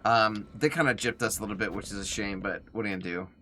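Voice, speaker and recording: A man's voice: on the low side, fast, pushed and bright, a little hiss or hum. A young man chatting casually while live-streaming a game, reading chat aloud and sounding a bit tired and yawny. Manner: chatty, reads chat aloud, talks to himself while playing. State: yawning, tired.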